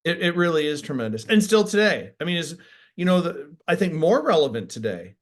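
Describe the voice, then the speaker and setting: A fairly high-voiced man hosts a relaxed interview and reacts eagerly to his guests. His questions come out in bursts, full of restarts and fillers. His tone stays chatty and animated. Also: a little fast. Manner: enthusiastic, many restarts. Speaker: interviewer host. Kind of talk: casual interview.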